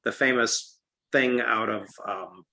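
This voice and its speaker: Bright-voiced American man, halting. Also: mid-range voice, vocal fry, a little hiss or hum. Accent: American, Midwestern-leaning. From New England, raised in upstate New York. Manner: hesitant, thinks aloud with many fillers. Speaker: book club host. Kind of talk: casual group discussion.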